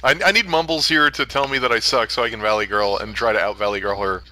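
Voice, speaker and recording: Man with a very bright voice. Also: lowish voice, steady tone, fast, no room sound. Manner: self-deprecating, sheepish storyteller. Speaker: stream co-host. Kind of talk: casual chat while gaming.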